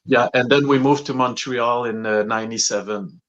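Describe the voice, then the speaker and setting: A man's voice: mid-range voice, fairly even intonation, normal speed, a bit bright, highs cut off. A man, a musician guest telling stories in a rambling way with many fillers and restarts. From Quebec, Canada. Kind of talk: casual storytelling interview.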